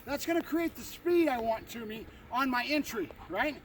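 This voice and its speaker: High-voiced male dog trainer, outdoors. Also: expressive, normal speed, a bit bright. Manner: explains while giving short commands to the dog, often adds "right?". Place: outdoors by a fence and a building. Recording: distant mic with noticeable outdoor noise.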